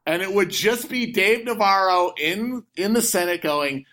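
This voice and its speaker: Animated American man on a podcast. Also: high voice. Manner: animated and jokey, drawn-out emphasis. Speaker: podcast guest. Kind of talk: casual comedic chat.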